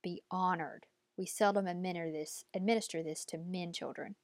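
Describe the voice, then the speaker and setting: Woman doing a commanding old woman, imperious, clipped orders, lowish voice, dead dry sound. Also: steady tone, brisk, no room sound, lightly acted. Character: stern, commanding old woman, a revered elder.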